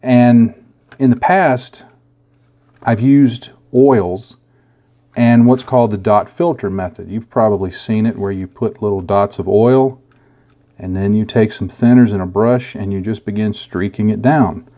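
Easygoing man with a mellow, low voice. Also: a little slow. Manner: easygoing, chuckles at himself, hesitant fillers. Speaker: scale modeling tutorial host. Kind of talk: casual how-to talk.

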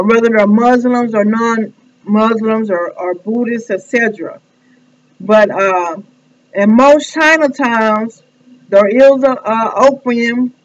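A woman talking to camera in a casual monologue, rambling and halting with many fillers and restarts. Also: a little high. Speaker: vlogger. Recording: dull lo-fi recording.

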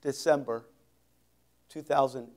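A male pastor preaching an expository sermon, reading scripture slowly with heavy emphasis and dropping folksy asides. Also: mid-range voice, fairly even intonation, a little mellow.

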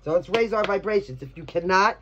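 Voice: medium pitch, lively intonation, fairly quick, a bit bright, highs cut off, a little hiss or hum. Blunt, salty Brooklyn tarot reader. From New York, Brooklyn. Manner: blunt, chatty, swears freely. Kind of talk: casual tarot reading for viewers.

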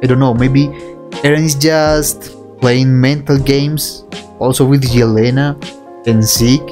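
An excitable young man reacts to anime, his speech unhurried and drawn out, with faint music from the episode playing underneath. He swears freely, laughs often and calls the listener bro, moving between hype and reflection at a mid pitch.

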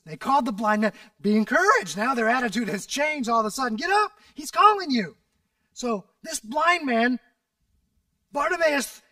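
A man preaching a sermon as pastor, animated and dramatic, rising to shouts and dropping to near whispers as he retells a story. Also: very high-pitched, no echo, recorded from a distance. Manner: animated, acts out scripture voices, drops to a near whisper at times.

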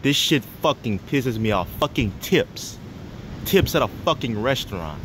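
A man's voice: medium pitch, animated, a little slow, noisy background. A man delivering a heated, profanity-filled rant to the camera, swearing constantly and repeating himself. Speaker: vlogger.

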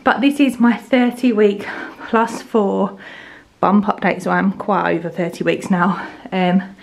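A woman's voice: on the high side, a little mellow. A young woman from the UK chatting casually in a home vlog, rambling with lots of fillers. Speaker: vlogger. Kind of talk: casual pregnancy update vlog.

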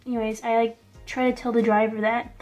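Vlogging from a small quarantine room indoors, a young adult woman tells a story in a casual, chatty way, peppering it with "like." Her voice is a little high and darkish in tone, delivered flatly and briskly, with faint music in the background.

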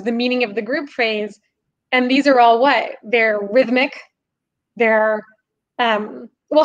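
A young woman with a high voice talks through her craft in a podcast interview. Her delivery is animated and explanatory, and she laughs easily as she goes. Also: rough recording. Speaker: podcast guest, singer and composer. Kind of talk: conversational interview.

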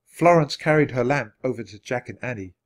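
A man with a voice of middle pitch narrating a children's chapter book. He reads at an even, natural pace and keeps the storytelling clear. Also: a little fast. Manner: steady, clear read-aloud pacing. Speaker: storybook reader.

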